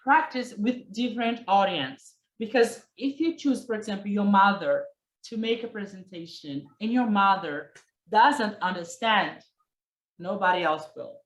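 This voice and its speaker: A woman teaching presentation skills in a workshop, lively and talking straight to her listeners while she acts out examples. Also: on the high side. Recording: echoey room.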